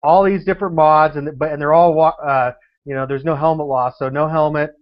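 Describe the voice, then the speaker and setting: A man joining a casual chat with quick, eager chatter. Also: on the high side, steady tone, lo-fi sound. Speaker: motovlogger guest.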